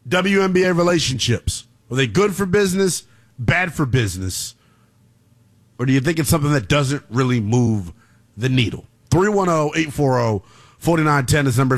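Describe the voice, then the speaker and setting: Male radio host, high and expressive, excitable, fields callers. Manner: animated, laughs loudly, shouts back at callers. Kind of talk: late-night sports talk radio.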